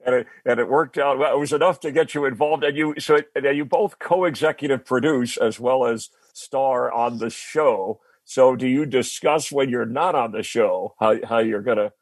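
A man hosting an interview at a medium pitch, asking questions in a loose, conversational way. He often restarts his sentences as he goes. The sound is dry and close. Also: moderate pace, hardly any pauses, no room sound. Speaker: interview host.

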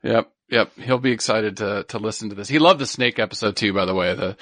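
A man, co-hosting a casual podcast. He talks with eager enthusiasm and repeats words in excited bursts. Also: on the low side, brisk, no echo. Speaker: podcast co-host.

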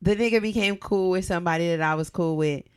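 A woman co-hosting a podcast, chiming in with lively jokes and reading posts aloud. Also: on the low side, quick pace, noisy background. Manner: lively, joking interjections. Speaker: podcast co-host.

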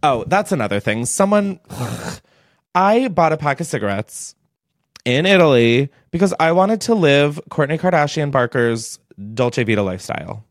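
A man's voice: a little high, expressive, normal speed, dry recording, clean studio sound. A young man hosting a podcast, telling a casual, gossipy storytime in a chatty way, with lots of "like" throughout. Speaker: podcast host.

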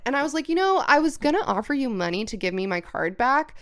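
A young woman co-hosting a podcast, telling a story in casual chat, animated, swearing often and acting out what people said. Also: a little high, quick pace, hardly any pauses. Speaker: podcast co-host.

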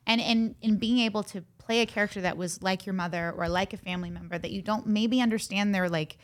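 A woman's voice: mid-range voice, steady tone, quick pace. A woman co-hosting a podcast, chatting eagerly with her guest and using many filler words. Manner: enthusiastic, many likes and fillers. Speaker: podcast co-host. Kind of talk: casual interview chat.

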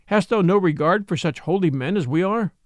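A man's voice: high voice, a little fast, no echo, clean studio sound, natural voice. A man voicing a proud king in disguise who speaks sternly in formal, old-fashioned language.

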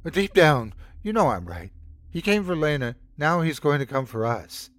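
A man's voice: on the high side, big pitch swings, moderate pace, no room sound, voice pushed up. A man voicing a frightened woman trapped in a car, talking in a shaky, sarcastic, urgent way. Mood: insistent.

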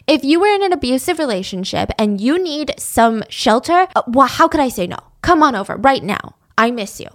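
A woman's voice: high-pitched, very animated, fairly quick, few pauses. A woman voicing a fiery, loyal young best friend who speaks emphatically. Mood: eager. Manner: emphatic, outraged.

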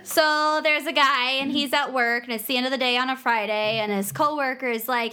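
A young woman with a Minnesotan accent, co-hosting a podcast and telling a long joke with lively acted-out voices. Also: high voice, fairly quick, hardly any pauses, clear, resonant tone. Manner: animated storyteller, acts out voices in the joke. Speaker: podcast co-host. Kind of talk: casual chat and joke telling.

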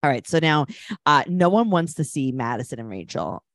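A woman's voice: extremely low pitch, sing-song, normal speed, no echo, clean studio sound. A woman co-hosting a podcast, chatting casually and gossiping about a reality show with playful jokes and mock voices. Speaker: podcast co-host.

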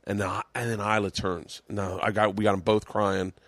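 A man's voice: fairly low pitch, little pitch movement, normal speed, a bit bright, no room sound. A man hosting a podcast from his home den, talking in a dry, close sound. He tells loose stories full of swearing. He often laughs as he talks. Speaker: podcast host. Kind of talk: casual storytelling chat.

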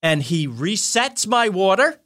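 A middle-aged man telling lively anecdotes as a podcast guest, excitable and quick to laugh. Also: sits high. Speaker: guest, writer-producer.

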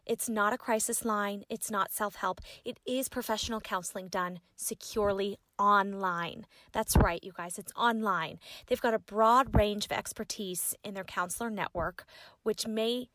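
A woman reads a sponsor message and keeps it chatty, speaking directly to her audience. Her voice sits at a middle pitch. The recording is dry and close. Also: fairly even intonation, normal speed, fairly bright tone, no echo, rough recording. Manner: conversational, addresses listeners directly. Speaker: podcast host reading an ad. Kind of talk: sponsor read.

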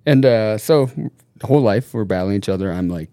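A man from Norway and the United States, a podcast guest telling stories in casual chat, animated, laughing often and swearing freely. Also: on the low side, a little fast, no echo.

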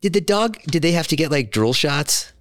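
A man's voice: fairly high pitch, expressive, normal speed, no room sound, clean studio sound. A man hosting a podcast, chatting casually and animatedly, telling stories and swearing for emphasis. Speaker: podcast host. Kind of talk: casual chat.

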